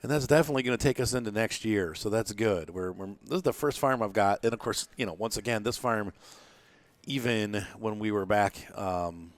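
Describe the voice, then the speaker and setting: A man with a fairly low voice talks through his farming game session, thinking aloud as he goes. He rambles, restarts his sentences and fills pauses with ums and uhs. He sounds tired, as if fighting off yawns. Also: dry recording. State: tired, yawning. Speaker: gameplay commentator. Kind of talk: casual let's-play commentary.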